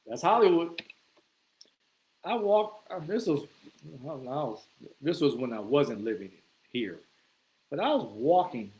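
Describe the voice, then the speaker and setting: A man's voice: on the high side, rough recording. A man talking casually to camera, telling stories in a loose, conversational way with plenty of swearing and acted-out reactions. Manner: acts out his own reactions in quoted asides. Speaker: vlogger. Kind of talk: casual storytelling monologue.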